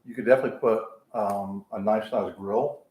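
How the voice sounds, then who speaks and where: A man's voice: lowish voice, steady tone, a little fast, a little mellow. A man from Georgia with a Southern accent, chatting casually and telling jokes while hosting a live home tour. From Georgia, USA. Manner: chatty, joking storyteller. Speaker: real estate agent hosting a live tour. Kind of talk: casual live-stream chat. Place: inside a house on tour. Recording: echoey room with faint noise.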